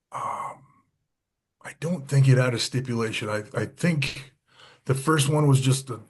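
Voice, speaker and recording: A man telling stories on a podcast, often dropping his voice low to act out what others said. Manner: animated, acts out quotes with lowered voice. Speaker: podcast guest, former wrestler. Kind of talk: casual storytelling.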